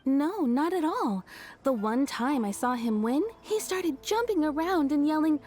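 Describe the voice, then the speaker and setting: Speaking unhurriedly in a high, expressive voice, a woman plays an amused, frank kimono maker, a cheerful townswoman in a video game, as she chats her way through a story. It is game dialogue set over music, with background noise.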